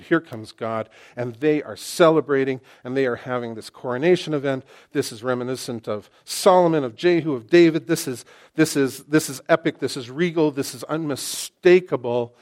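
A middle-aged man preaches with a medium-pitched voice, animated and excitable but talking as if in conversation. Many of his sentences get restarted partway through.

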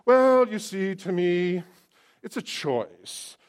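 A man's voice: high-pitched, animated, takes it slowly, clean tone, voice pushed up. A man voicing a wishy-washy person with vague, easygoing faith, in an airy, musing tone.

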